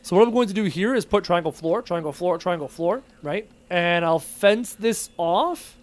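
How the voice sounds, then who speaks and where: A man's voice: high-pitched, lively intonation, normal speed. A man streaming a game live, chatting and muttering to himself as he plays and reads chat aloud. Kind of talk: live gameplay commentary, reading chat aloud.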